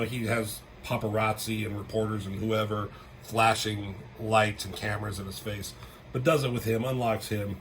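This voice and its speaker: A man's voice: lowish voice, fairly bright tone, a little hiss or hum, low-quality recording. A young man casually reviewing a comic book, chatty, swearing freely and jumping his voice up to act out character lines. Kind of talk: casual chat.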